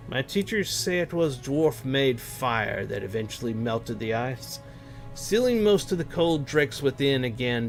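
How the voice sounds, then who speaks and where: A man's voice: medium pitch, natural voice. A man reading as a young dwarf telling old lore. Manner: plain unhurried reading aloud. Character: young dwarf recounting grim mountain lore.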